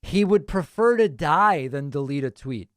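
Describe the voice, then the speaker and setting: A man's voice: on the high side, animated, normal speed, fairly bright tone, no room sound, clean studio sound. A man hosting a live show, reacting to a video clip with sarcastic, incredulous commentary.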